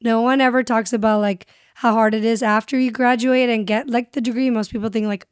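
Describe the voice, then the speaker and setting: A woman's voice: fairly high pitch, steady tone, a little fast, few pauses, clean tone, no echo, studio quality. A young woman speaking as a podcast guest and radio host, telling her story candidly and switching between English and Spanish. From San Diego. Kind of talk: casual interview chat.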